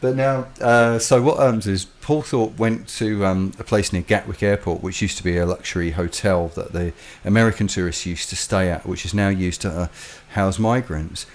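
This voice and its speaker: Man, low voice, rambling storyteller, casual chat co-host. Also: moderate pace, few pauses. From London, England. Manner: rambling, animated storytelling with laughs. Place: home in the Philippines.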